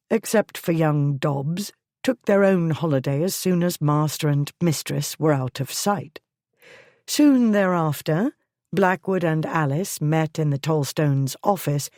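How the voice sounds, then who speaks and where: A woman narrating an audiobook in a measured, even delivery. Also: sits low, no echo, clean studio sound. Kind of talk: scripted narration.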